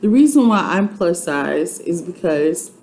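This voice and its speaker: A woman's voice: fairly low pitch, sing-song, unhurried, darkish tone, rough recording. A woman giving a casual, heartfelt testimony, chatty and earnest, often repeating herself and using many fillers. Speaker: vlogger sharing a personal testimony. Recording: clear background noise.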